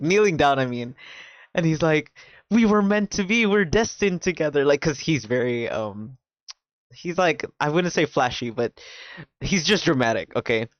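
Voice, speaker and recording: A man streaming, casually recapping a drama's plot in an animated way, swearing often and filling his talk with "like". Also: on the high side, no room sound. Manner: animated, swears a lot, fills with "like". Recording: dull, dry, lo-fi mic sound.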